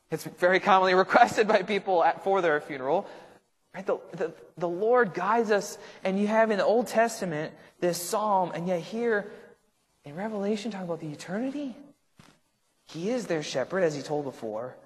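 A man's voice: high voice, lively intonation, normal speed, long reverb tail. A male pastor leading a casual Bible study, talking conversationally and checking in with the group with frequent tag questions. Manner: thinks aloud with restarts and asides.

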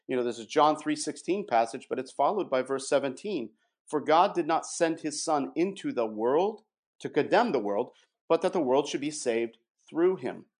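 Guy explaining doctrine slow and emphatic, mid pitch, reads stuff out. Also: darkish tone. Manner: measured, emphatic, reads scripture aloud. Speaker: guest presenting doctrine. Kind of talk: explanatory theological talk with read quotations.

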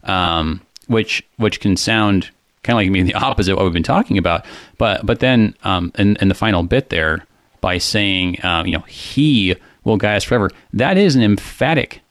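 A man's voice: low voice, moderate pace, fairly bright tone, no echo, clean studio sound. A man co-hosting a casual discussion of a psalm, thoughtful and full of fillers and restarts.

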